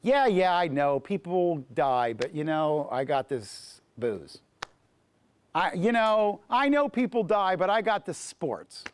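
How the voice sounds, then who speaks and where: A man's voice: sits high, very animated, takes it slowly, smooth, full character voice. A man doing a shrugging, careless worldly man. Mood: dismissive. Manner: shrugging, dismissive.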